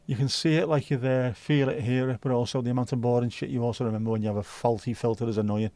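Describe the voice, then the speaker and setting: Laid-back sweary livestream host. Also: male voice, medium pitch, flat delivery, quick pace, warm tone, no room sound. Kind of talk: casual chat reading viewer comments.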